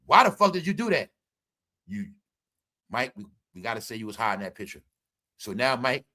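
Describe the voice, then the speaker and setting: A man's voice: high voice, bright, forceful tone. A man hosting a commentary show, ranting in a mock-courtroom style and swearing freely. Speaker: show host.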